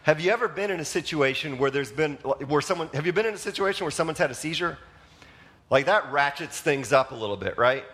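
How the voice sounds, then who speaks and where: A man's voice: a little high, animated, fairly quick, a bit bright. A male pastor preaching a sermon in a conversational manner, asking the congregation questions and often using fillers like "like" and "you know.".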